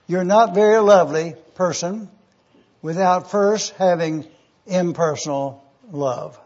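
A man preaching a numbered teaching sermon, speaking slowly and deliberately and repeating key phrases. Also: sits high, a little mellow, highs cut off.

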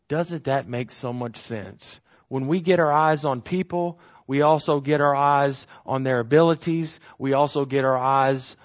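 Guy pastor preaching earnestly, repeats himself for emphasis, kinda dull muffled recording. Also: medium pitch. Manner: earnest, emphatic with repeated phrases and rhetorical questions. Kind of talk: sermon.

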